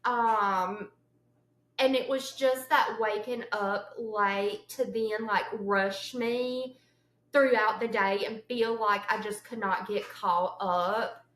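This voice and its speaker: A young woman, co-hosting a casual chat show and telling stories with lively acted-out quotes. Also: mid-range voice, takes it slowly, reverberant, rough recording. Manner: animated storyteller, acts out quotes with sudden yelps. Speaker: podcast co-host.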